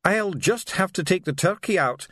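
A man doing a flustered high-voiced doctor. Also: animated, normal speed, fairly bright tone, no room sound, clean studio sound. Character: fussy startled male doctor.

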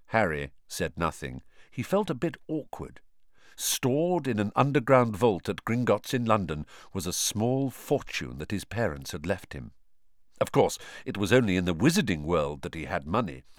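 A man narrating a storybook in an expressive, lively way. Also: lowish voice, dry recording, studio quality. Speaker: audiobook narrator.

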